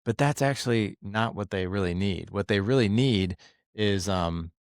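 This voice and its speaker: A man speaking as a podcast guest, explaining ideas about family life in an earnest, animated way and acting out quoted voices. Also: on the low side, moderate pace, no echo, clean studio sound. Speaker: podcast guest, dad coach. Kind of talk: casual interview talk.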